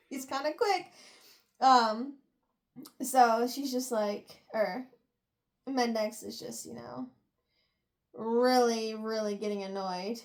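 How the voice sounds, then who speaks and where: A young woman who reviews books chats casually while retelling a novel's chapters, sprinkling in "like" and "you know" between laughs and sighs. Her voice sits high, with a steady tone, slow pace, and long pauses.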